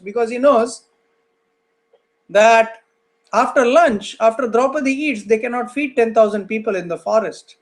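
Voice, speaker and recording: A man, a spiritual teacher, slowly retelling a scripture story with drawn-out pauses. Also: extremely high pitch.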